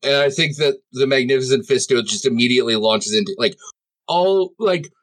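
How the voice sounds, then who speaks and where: A man's voice: mid-range voice, normal speed, a bit bright. A man playing a tabletop game, describing scenes in a rambling way with lots of fillers. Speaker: player.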